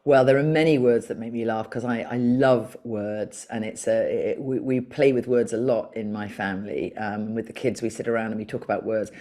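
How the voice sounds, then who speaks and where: Very low-voiced woman, playful guest. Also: fairly even intonation, warm tone. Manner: playful and chatty, with thoughtful pauses. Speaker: podcast guest, author and broadcaster. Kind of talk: casual interview chat.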